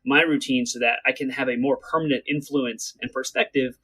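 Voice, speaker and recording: A man co-hosting a gaming podcast, talking earnestly and quickly in casual chat, urging listeners to act. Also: medium pitch, big pitch swings, gravelly, sharp tone, husky, poor audio. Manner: earnest, talks quickly to get through points. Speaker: podcast co-host.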